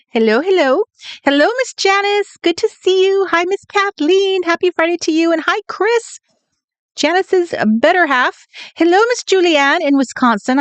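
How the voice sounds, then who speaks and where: Hosting a late-night craft livestream from home, a California woman chats and greets viewers in a giggly, sing-song way. Her voice is high and a bit bright, and the recording is dry.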